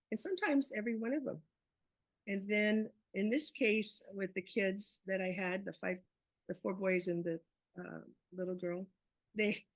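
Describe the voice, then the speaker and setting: A woman's voice: mid-range voice, dry recording. Woman teacher in a webinar, talks it through step by step, asks then answers her own questions, dry close sound. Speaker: educator leading a webinar.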